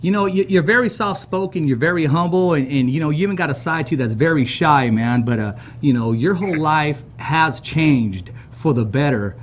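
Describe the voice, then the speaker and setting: A man's voice: fairly high pitch, expressive, normal speed, hardly any pauses, a little hiss or hum. A man hosting an interview show from a production studio, drawing out hype introductions and often repeating words. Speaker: podcast host. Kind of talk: energetic interview hosting with announcer flourishes.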